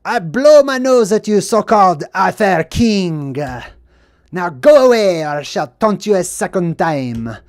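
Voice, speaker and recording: A livestream host doing a quick impression of a haughty adult male taunter who jeers from a castle wall. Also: medium pitch, big pitch swings. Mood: jeering. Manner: haughty, jeering.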